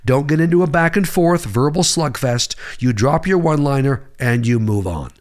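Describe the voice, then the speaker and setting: A man's voice: mid-range voice, lively intonation, normal speed. A man, a psychologist, delivering a blunt, emphatic advice monologue straight to his viewers. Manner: emphatic, blunt, punchy delivery with sharp rises. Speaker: psychologist giving relationship advice.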